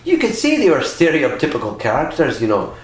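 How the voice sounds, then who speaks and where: A man from California speaks as a podcast guest in a relaxed, conversational way. He tells stories with energy and keeps breaking into little character voices. His voice rings in an echoey room. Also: a little high, a little fast. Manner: animated storyteller who slips into voices. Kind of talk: casual chat.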